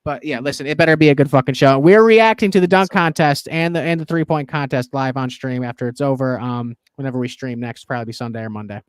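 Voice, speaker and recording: A man's voice: mid-range voice, fast, hardly any pauses, smooth, dry recording, studio quality. A young man co-hosting a sports betting show, rambling and swearing through casual chat. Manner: rambling, heavy swearing, animated. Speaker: sports betting podcast co-host.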